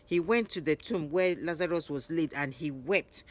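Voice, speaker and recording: A woman narrating Bible stories in a lively retelling, raising her voice for the quoted lines. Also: low-pitched, normal speed. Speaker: Bible storyteller.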